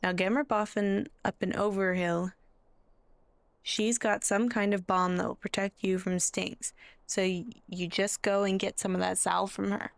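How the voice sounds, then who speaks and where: A woman's voice: mid-range voice, flat delivery, a little slow, gravelly, no echo. A woman voicing a worried, practical hobbit beekeeper who talks in a folksy, plainspoken way. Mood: earnest. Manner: folksy, plainspoken, countrified grammar.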